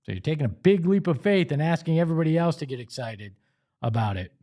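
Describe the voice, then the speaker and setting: A man's voice: fairly high pitch, lively intonation, fast talker, mellow. A man hosting a sports talk show, delivering an emphatic, opinionated monologue with pleading asides. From Italian-American family.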